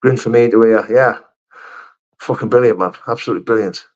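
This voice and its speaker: A man's voice: fairly low pitch, a little fast, darkish tone. A middle-aged man, hosting a casual live stream, rambling, swearing and calling people mate as he reads out chat. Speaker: livestream host reading chat. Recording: slightly dull lo-fi stream audio.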